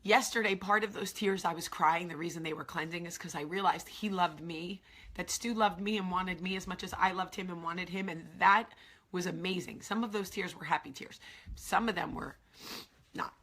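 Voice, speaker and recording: A woman's voice: lowish voice, moderate pace, fairly bright tone. A forty-year-old woman hosting a confessional vlog, talking candidly and tearfully, repeating herself and dropping into whispers. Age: 40s. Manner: raw, candid, repetitive, with whispered asides. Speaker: vlog host. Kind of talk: emotional confessional vlog talk.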